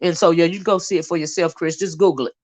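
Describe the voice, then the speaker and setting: A woman's voice: lowish voice, steady tone, quick pace, darkish tone. Chatty woman streamer, rambling gossip. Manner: rambling and chatty, full of "you know", calling listeners "child" and "honey". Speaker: movie reviewer and channel host. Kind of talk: casual live-stream chat, reading viewer comments.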